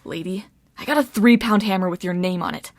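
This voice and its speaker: A woman's voice: mid-range voice, a little fast, dry recording, natural voice. Woman doing a mumbling dazed teen boy. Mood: defiant. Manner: mumbling, meek. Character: teenage boy, dazed and joking.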